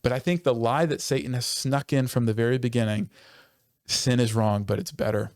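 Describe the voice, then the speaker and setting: A pastor with a mid-range, steady, creaky and darkish voice talks earnestly and passionately on a conversational church podcast. He quickens when stirred and often interrupts himself to restart sentences. The studio recording is clean and dry, with no room sound.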